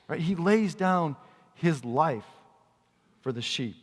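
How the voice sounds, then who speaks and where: Speaking slowly and pausing often, a pastor with a higher-pitched, animated voice preaches in a conversational style. He questions his congregation throughout, and the recording carries a big-room sound.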